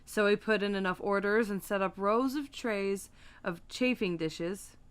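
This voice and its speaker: A woman co-hosting a podcast, tossing in quick quips and reading out a story in casual chat. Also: mid-range voice, clean tone. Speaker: podcast co-host.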